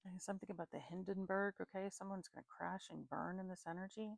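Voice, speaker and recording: A woman's voice: fairly low pitch, steady tone, fast, gravelly, no echo. A tired woman giving a casual psychic reading, free-associating names and places and chuckling at her own slips. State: tired, sleepy. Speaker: psychic reader.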